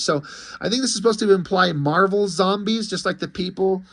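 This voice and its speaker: A man's voice: high-pitched, a little fast, fairly bright tone. A man reviewing a comic in a casual vlog, ranting in disbelief and swearing freely. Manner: incredulous, profane ranting.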